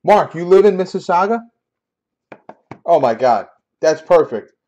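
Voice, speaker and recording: A man hosting a sports card break live, talking casually and getting loudly exasperated, repeating himself. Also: a little high, animated, a little slow, muffled recording. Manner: exasperated, repetitive, loud outbursts. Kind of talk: casual live-stream banter.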